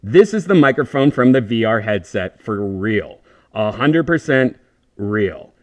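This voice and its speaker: Lively-pitched casual male streamer. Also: measured pace. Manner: loose, rambling, swears casually, talks to chat. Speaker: vlogger testing a VR headset mic. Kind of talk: casual livestream chat.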